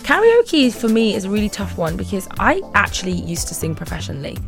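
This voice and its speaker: A woman's voice: mid-range voice, sing-song, fairly quick, music in the background. A woman chatting as an interview guest, bubbly and laughing often as she acts out little voices in her stories. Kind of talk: casual chat answering questions.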